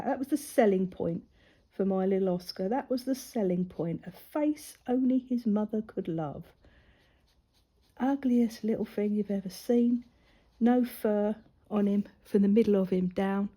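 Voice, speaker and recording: A crafting vlogger speaks at a moderate pace in a warm, slightly rough, mid-range voice. As she colours, the mother of a grown daughter rambles casually through a personal story, frequently lowering her voice to almost a whisper.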